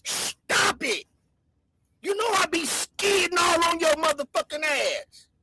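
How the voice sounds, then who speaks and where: A woman hosting a livestream, loudly hurling mocking insults in a shouting rant. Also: very high-pitched, lively intonation, takes it slowly, noisy background. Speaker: livestream host.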